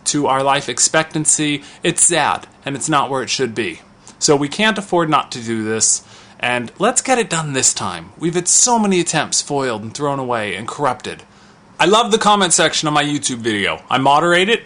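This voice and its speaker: A man's voice: a little high, a bit bright. A man in his thirties speaking in an opinion vlog, vocal and outspoken, talking with conversational restarts. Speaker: vlogger.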